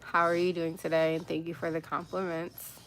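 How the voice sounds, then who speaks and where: A woman's voice: fairly low pitch, monotone, a little fast, fairly bright tone, a little hiss or hum. A woman from the United States hosting a casual livestream, chatting and greeting viewers by name, laughing often. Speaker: livestream host. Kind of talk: casual livestream chat reading comments.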